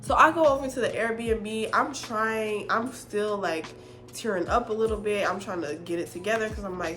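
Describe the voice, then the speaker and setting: A woman vlogger telling a dramatic personal story in an animated, expressive, casual way, swearing often. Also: medium pitch, unhurried, soft background music. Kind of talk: storytime vlog.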